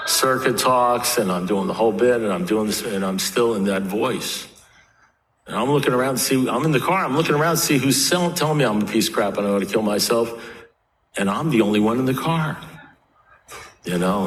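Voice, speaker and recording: A man's voice: low voice, recorded from a distance. A middle-aged man giving an earnest recovery talk in a meeting hall, telling stories and acting out the dialogue. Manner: earnest storytelling, acts out dialogue. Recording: echoey hall, faint noise.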